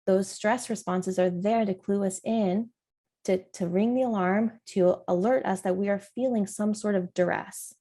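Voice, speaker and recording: A woman's voice: mid-range voice, fairly even intonation, normal speed, dark tone. A middle-aged woman hosting a parenting podcast, talking alone in an earnest, encouraging way. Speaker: parent coach and podcast host. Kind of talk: solo podcast talk.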